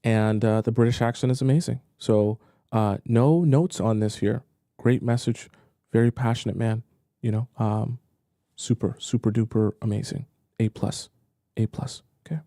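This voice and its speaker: A man speaks in a mellow, warm tone, commenting on dating clips in a chatty, teasing manner. His voice sits close and dry, with no room sound around it. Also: medium pitch, steady tone, normal speed, no echo. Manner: playful, chatty, teasing asides. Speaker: dating coach reacting to clips. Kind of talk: casual commentary.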